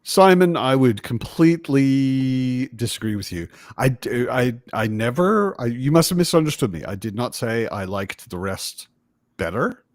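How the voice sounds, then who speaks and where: A man's voice: mid-range voice, lively intonation, unhurried, dry recording, studio quality. A man hosting a casual livestream book chat over a video call, rambling and correcting himself as he talks. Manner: rambling, self-correcting, chatty. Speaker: livestream host. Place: home in Berlin.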